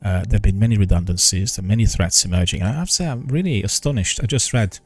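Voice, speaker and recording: Older male streamer, deep voice, halting formal delivery, dry close sound. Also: no room sound. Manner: slow, halting, many ums and restarts; careful, formal enunciation. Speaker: gaming news streamer. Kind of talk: casual live-stream chat.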